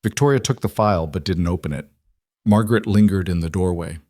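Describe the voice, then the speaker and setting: A man narrating a scripted drama in a steady, measured way. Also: low voice, no echo, studio quality.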